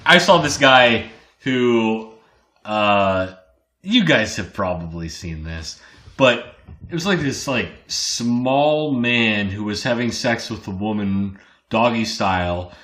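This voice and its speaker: A man's voice: lowish voice, expressive, slow pace, sharp tone. An easygoing man co-hosting a casual podcast, telling stories at length. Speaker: podcast co-host. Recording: echoey room with faint noise.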